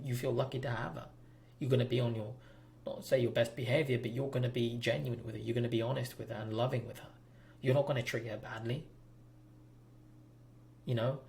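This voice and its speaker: A man talks straight to his viewers with blunt, preachy advice about relationships. His voice is gravelly, at an ordinary pitch for a man. A faint hum sits under the recording. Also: darkish tone. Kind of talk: direct-to-camera advice monologue.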